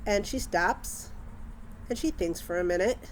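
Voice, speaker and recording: A young woman telling casual family anecdotes as a mother, wry and animated, acting out the dialogue as she goes. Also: mid-range voice, unhurried, a little hiss or hum.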